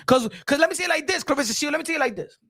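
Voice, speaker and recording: High gravelly man ranting about boxing. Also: lively intonation, very fast. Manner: loud, preachy, repeats himself, addresses the subject directly. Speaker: boxing commentary channel host. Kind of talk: emphatic boxing commentary vlog.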